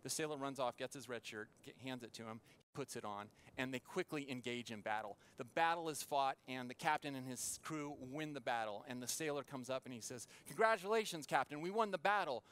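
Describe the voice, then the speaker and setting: A man's voice: medium pitch, fairly bright tone, smooth. Earnest male pastor preaching. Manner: earnest, with dramatic pauses. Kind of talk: sermon. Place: church.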